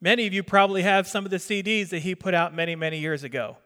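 A man's voice: high-pitched, steady tone, fast, a bit bright, smooth. A middle-aged man from New Jersey preaching a sermon in a conversational way, quizzing the congregation and repeating his words. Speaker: pastor. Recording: long reverb of a hall.

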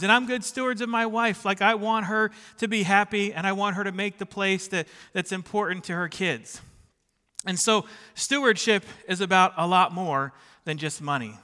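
A man's voice: sits high, normal speed, sharp tone, long reverb tail. A middle-aged man preaching a sermon in a church sanctuary, chatty and self-deprecating, who keeps checking in with the congregation. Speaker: pastor. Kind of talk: sermon with personal stories.

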